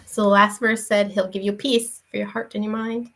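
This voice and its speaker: A woman's voice: mid-range voice, flat delivery, fairly quick, few pauses, a bit bright, rough recording. A young woman giving a casual devotional talk in an earnest, conversational way, with many fillers and restarts. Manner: earnest, shares personal story. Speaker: faith vlogger and parent.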